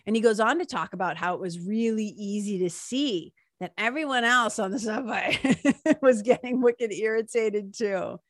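A woman's voice: mid-range voice, moderate pace, no echo, studio quality. A woman talking casually, retelling a story from a book, full of "like" and "right?" asides. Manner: chatty, lots of "like" and "right?" tag questions. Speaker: speaker retelling a book passage. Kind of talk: casual talk with read-aloud quotes.

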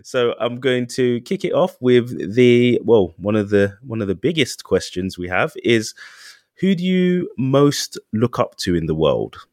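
A man's voice: mid-range voice, lively intonation, unhurried, a little mellow, no room sound, studio quality. A man hosting a casual interview, asking questions with plenty of hesitant fillers and easy laughter. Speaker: podcast host.

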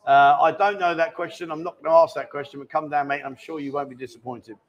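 A man's voice: fairly high pitch, steady tone, quick pace, dull audio. A man hosting a casual live-stream chat from a bar, jokey and chatty as he reads out viewer questions. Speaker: host. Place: indoor bar.

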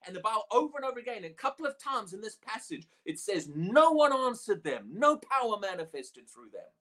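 A preacher delivering a sermon, animated and expressive, with frequent laughs. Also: mid-range voice. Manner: animated, acts out the quoted speech in a raised voice, laughs often.

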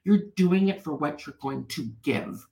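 Woman guest, gravelly texture, echoey room, earnest storyteller. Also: deep voice, unhurried, mellow. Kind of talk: personal storytelling in an interview.

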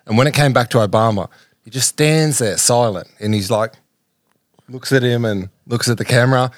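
A man's voice: medium pitch, normal speed, no echo. Young man, from Australia, rambling, insistent, repeats himself, dry mic. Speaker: podcast co-host. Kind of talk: casual banter.

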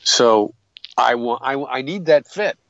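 A man speaking as an interview guest in a middle-pitched voice, laying out his reasoning step by step and circling back on his own phrases. The sound is dry and a bit muffled. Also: animated, slow, no room sound. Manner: earnest and explanatory, with frequent restarts. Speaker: guest, hostage negotiator. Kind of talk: explanatory interview talk.

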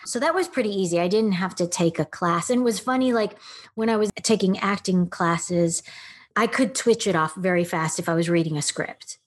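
A middle-aged actress from Texas chatting as a podcast guest, telling stories with lots of laughter and acted-out quotes. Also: female voice, fairly low pitch, moderate pace. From Texas, United States. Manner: animated storyteller, laughs often, acts out quotes. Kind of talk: casual interview chat.

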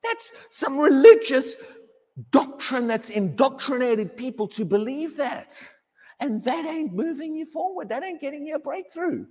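A darkish-toned English pastor delivers an animated sermon a little slowly, leaning on emphasis and repeated words. At one point he mocks a wailing believer in a high voice. The church hall gives everything a long reverb.

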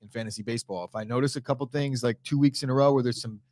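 A man's voice: medium pitch, fairly even intonation, rapid-fire, darkish tone, no room sound. A man with a stuffy, allergy-congested nose, co-hosting a casual sports chat, brash and teasing with lots of swearing. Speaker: podcast co-host.

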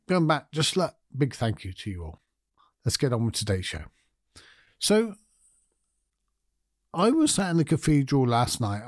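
A man hosting his own podcast, talking in a gentle, candid way and thinking aloud. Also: medium pitch, no room sound, studio quality. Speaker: podcast host. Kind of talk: reflective solo podcast talk.

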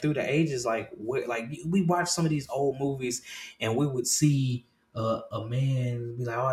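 With a roomy sound to the recording, a man in his thirties hosts a casual podcast talk show. He swears freely and restarts and repeats phrases, and his delivery swings between soft murmurs and loud, excited bursts.

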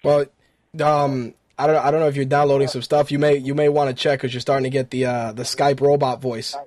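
A man's voice: medium pitch, flat delivery, a little fast, a little mellow, no echo. A man hosting an internet radio talk show in a casual, chatty way, with loose swearing and a run of fight news. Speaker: podcast host.

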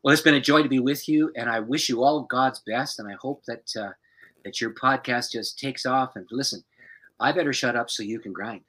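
A man who is a pastor, an animated storyteller who laughs often as a guest on a podcast. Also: mid-range voice, brisk, poor audio.

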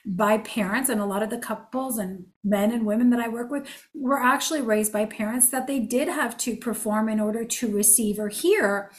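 A woman's voice: a little high, normal speed. A woman in her forties, a relationship coach, giving an earnest, emphatic motivational talk that repeats phrases for effect.

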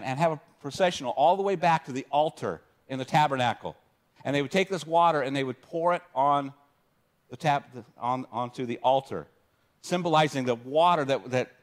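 A man preaching a sermon in an easygoing, conversational way, often restarting phrases and reading scripture passages aloud. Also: on the high side. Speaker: pastor.

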